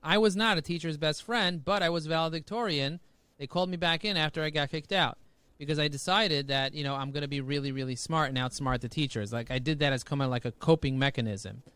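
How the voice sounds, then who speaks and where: Energetic male guest, slightly high voice, dry close sound, quick punchlines. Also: clean tone, no echo. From United States. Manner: high-energy, punchy, jokey, rhyming catchphrases. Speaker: podcast guest. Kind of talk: energetic podcast interview.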